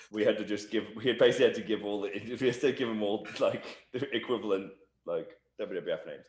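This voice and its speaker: A man with a lowish voice tells a backstage story in a shoot interview. He talks fast and loose, jumping into voices for the people he quotes. The room around him rings with echo. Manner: animated anecdote-telling, acting out quotes. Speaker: interview guest, wrestler. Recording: echoey room.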